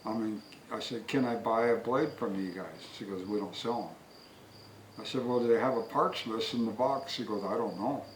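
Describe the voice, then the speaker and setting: A man's voice: medium pitch, a little fast, hardly any pauses, slight background noise. A man telling a rambling, folksy story before reviewing a product he bought, recorded outdoors with crickets faint behind him. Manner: folksy, long-winded. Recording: echoey, distant from the mic. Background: faint crickets and insects.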